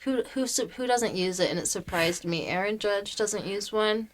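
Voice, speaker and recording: A woman's voice: mid-range voice, normal speed. Blunt woman guest talking sports casually. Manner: blunt, casual, swears in passing. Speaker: podcast guest. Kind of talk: casual comedy podcast chat.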